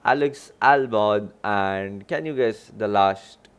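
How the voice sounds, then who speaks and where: A man's voice: on the low side, slow pace, smooth, muffled recording. A young man from India hosting a solo podcast, rambling along in casual commentary and often stopping to correct himself. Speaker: podcast host.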